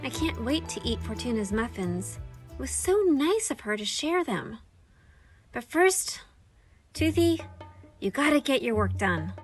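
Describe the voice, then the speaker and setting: A woman's voice: on the high side, very animated, a little slow, pauses often. A woman voicing a friendly, hardworking cartoon girl who coaxes and encourages a cat. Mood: eager. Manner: encouraging, coaxing. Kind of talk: children's cartoon voice acting. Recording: background music under the voice.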